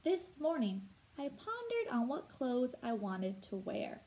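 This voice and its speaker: A woman teacher explaining vocabulary words slowly and clearly, asking her listeners questions as she goes. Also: on the high side, sing-song, dark tone, rough recording. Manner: slow, clear teacher talk with rhetorical questions. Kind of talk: read-aloud vocabulary lesson.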